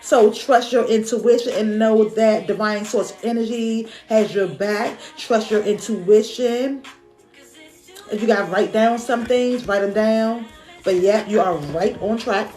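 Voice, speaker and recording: A woman's voice: on the high side, measured pace, a little mellow. A woman giving a casual spiritual card reading on a live stream, repeating her words to encourage viewers. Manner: repetitive, encouraging, emotional, colloquial. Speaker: live-stream tarot reader. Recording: echoey room with faint music.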